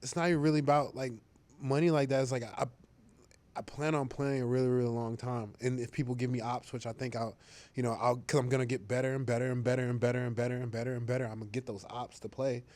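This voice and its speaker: A man's voice: medium pitch, little pitch movement, quick pace, a little mellow. A young man, a football player, talking casually in an interview, rambling with fillers and restarts and laughing easily.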